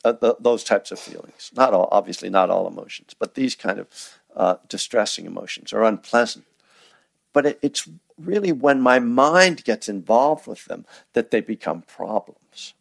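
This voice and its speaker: A man's voice: lowish voice, animated, normal speed, creaky, no room sound. A man giving a dharma talk as a meditation teacher, speaking conversationally with frequent restarts and fillers, acting out inner thoughts in quoted asides. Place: meditation hall.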